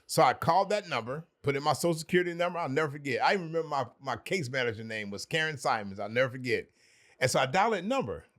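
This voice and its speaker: A man's voice: mid-range voice, fairly bright tone. A man, a podcast guest, telling an earnest personal story with emphatic repetition.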